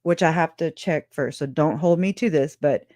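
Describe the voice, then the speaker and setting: A woman hosting a true crime livestream talks in a loose, animated way. She is sarcastic, laughs a lot, and swears without holding back. Her voice sits close and dry, with no room sound around it. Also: sits low, moderate pace, dry recording. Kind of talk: casual livestream commentary.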